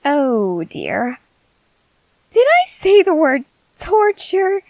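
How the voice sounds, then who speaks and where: Woman doing an eccentric female scientist, ASMR role-play, high voice, swooping wildly, slow and dry. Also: wildly swooping pitch, darkish tone, no room sound, exaggerated voice, low-quality recording. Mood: creepy. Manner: gushing, coaxing, cheerfully unsettling. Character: eccentric excitable female scientist, creepily sweet.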